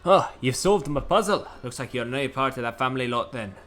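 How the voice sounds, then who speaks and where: Guy doing a jumpy scottish-ish guy hiding out, bright voice. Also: medium pitch, expressive, brisk, close to an everyday voice. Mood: wary. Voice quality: rough attempt at a Scottish lilt. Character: nervous hiding man, vaguely Scottish-sounding.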